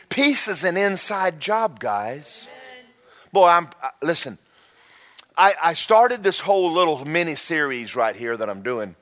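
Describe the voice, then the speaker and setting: A man preaches in a folksy, animated way. His voice sits high for a man and has a bright, forceful edge. He talks straight to the congregation, repeating phrases and throwing in shouted asides. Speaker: pastor. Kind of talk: sermon.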